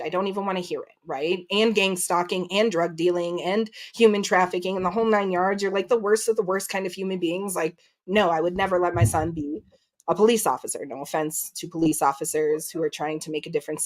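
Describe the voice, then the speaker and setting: A woman's voice: on the low side, steady tone, brisk. A woman, likely in her thirties, telling a story in casual chat, acting out quotes and swearing freely. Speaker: guest.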